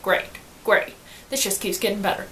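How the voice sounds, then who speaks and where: A woman's voice: mid-range voice, fairly even intonation, normal speed, pushed and bright, faint music behind, voice pushed down, lightly acted, rough recording. A woman voicing a fed-up heroine who talks in sassy, exasperated quips.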